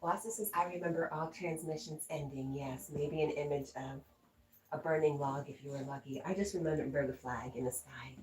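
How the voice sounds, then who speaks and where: A middle-aged woman hosting a livestream from home on a laptop mic. She chats casually, reads viewer comments aloud and laughs often, clearly amused by herself. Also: sits low, fairly even intonation, moderate pace, darkish tone, poor audio. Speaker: livestream host.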